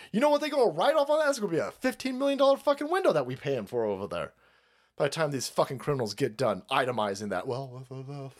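Heated, swearing man with a lively pitch. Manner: heated, repetitive, mocking. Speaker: stream host. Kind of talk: profane political rant.

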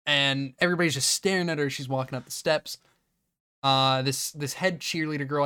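A man in a casual comedy podcast who rambles through a movie plot, tossing in short quoted voices for the characters. His voice sits a little high. The sound is dry and close, with no room echo. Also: animated, fairly quick, bright, forceful tone, clear, resonant tone. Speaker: podcast co-host.

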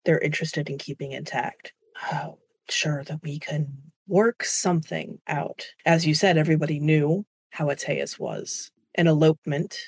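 A weary, stern noble father who speaks low and slow, with a sigh behind his words, as a woman puts him on. His voice sits on the low side and sounds dry and close. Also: fairly even intonation, creaky, a little mellow, husky, no echo, exaggerated voice.

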